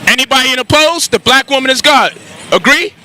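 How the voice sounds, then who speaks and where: A man giving a street lecture with crude banter, animated and firing rhetorical questions at passers-by, outdoors on a city street. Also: extremely high pitch, a little fast, a faint crowd, slight background noise, low-quality recording. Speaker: street speaker.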